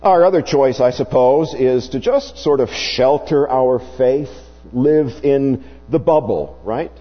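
A man preaching a sermon, slow and emphatic, his voice rising and falling widely as he stresses points. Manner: slow, emphatic preaching with wide swings in pitch. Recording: dull, hummy recording with long reverb.

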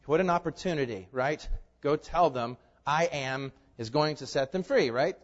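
High-voiced preacher in a reverberant hall. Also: male voice, normal speed. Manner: asks the audience rhetorical questions, swings from loud emphasis to hushed asides. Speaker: pastor. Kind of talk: expository sermon. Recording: reverberant hall, dull lo-fi sound.

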